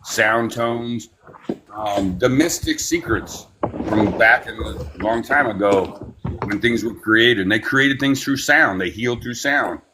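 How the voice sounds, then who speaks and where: A man leading a spiritual class, talking in a meandering, unhurried way with many fillers and giving slow, soothing breathing cues. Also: fairly low pitch, noisy background. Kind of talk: guided breathing meditation class.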